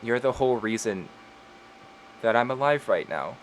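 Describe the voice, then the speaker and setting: A man voicing a gentle young woman just brought back to life, speaking softly and with tenderness. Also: medium pitch, animated, normal speed, a little hiss or hum, lightly acted. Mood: tender.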